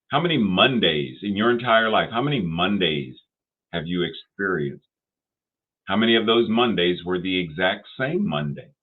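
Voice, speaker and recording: A man giving a sermon, deliberate and repetitive, asking rhetorical questions. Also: low-pitched. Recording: tinny phone-like sound.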